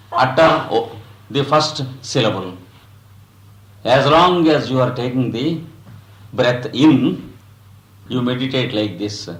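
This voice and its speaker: A man guiding a breathing practice as a yoga teacher, speaking in slow, measured phrases with long pauses between them. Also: mid-range voice, echoey room, low-quality recording. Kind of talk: guided breathing instruction.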